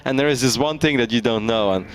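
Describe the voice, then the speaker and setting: A man casting a live esports match, chatty and quick to laugh, telling anecdotes to his co-caster. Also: medium pitch.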